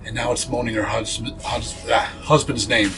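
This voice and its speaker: Guy telling a spooky story in an interview, average pitch, lots of ums and restarts, faint music behind. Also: little pitch movement, normal speed, fairly bright tone, poor audio. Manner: earnest storyteller, frequent fillers and restarts. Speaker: paranormal investigator, interview guest.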